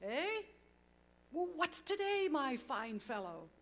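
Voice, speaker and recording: A woman's voice: a little high, expressive, moderate pace, natural voice. Scrooge, a woman reading as an old miser. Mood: elated. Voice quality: urgent, exclamatory delivery. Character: remorseful old miser, pleading then overjoyed. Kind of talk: storybook reading.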